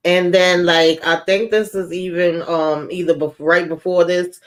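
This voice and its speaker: This is a livestream host deep in casual chat about a TV episode, medium-pitched and easygoing. The host talks freely and slips into acted-out quotes with a laugh. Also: level tone, a little slow. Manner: chatty, acts out quotes with laughs.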